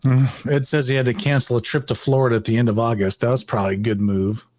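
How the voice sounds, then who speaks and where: A man's voice: mid-range voice, steady tone, fast, a little mellow. A man co-hosting a casual podcast, mostly chiming in with short agreements and reading viewer comments. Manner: brief agreeing interjections, reads viewer comments. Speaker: podcast co-host.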